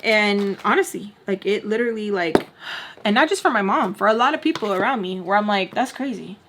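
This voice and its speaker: A woman's voice: medium pitch, expressive, fairly quick, fairly bright tone, slight background noise. Young woman telling an emphatic storytime. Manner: emphatic, peppers talk with "like", drops to murmured asides. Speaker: storytime vlogger. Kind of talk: casual storytime while doing makeup.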